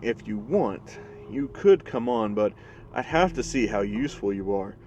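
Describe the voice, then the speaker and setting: A man voicing a scheming young male goblin inventor who talks calmly and coldly, with music playing behind. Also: lowish voice, a little slow, lo-fi sound, a little hiss or hum. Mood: calculating. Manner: calm, calculating, grandly menacing.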